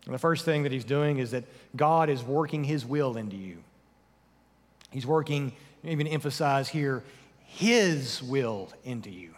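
A man preaching a sermon, asking rhetorical questions and dropping his voice low for emphasis. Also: normal speed, long reverb tail. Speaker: pastor.

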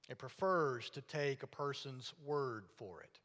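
A man preaching a sermon to his congregation, earnest and now and then dropping to a hushed voice for emphasis. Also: medium pitch, big pitch swings, a little slow. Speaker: pastor. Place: church sanctuary. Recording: long reverb of a church hall.

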